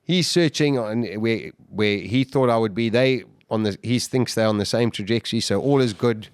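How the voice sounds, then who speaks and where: A man's voice: medium pitch, moderate pace, clean tone, no room sound, clean studio sound. Man vividly retelling a survival ordeal. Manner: vivid, animated retelling with restarts. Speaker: guest. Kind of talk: interview storytelling.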